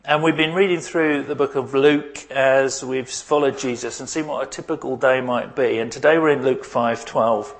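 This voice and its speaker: A man preaches and prays in a conversational sermon, his voice sitting at an ordinary middle pitch. He keeps asking his congregation questions as he goes. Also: steady tone, moderate pace, few pauses. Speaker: pastor. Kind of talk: sermon with prayer.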